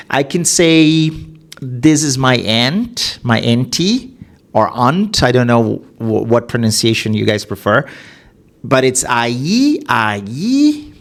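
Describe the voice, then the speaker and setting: A man records himself on a headset, chatting casually and poking fun at his own slips. He speaks slowly and unhurriedly. His pitch swings widely up and down as he talks. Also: very animated. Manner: self-deprecating, laughs at his own mistakes. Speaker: podcast host practicing Mandarin. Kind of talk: casual self-recorded practice session.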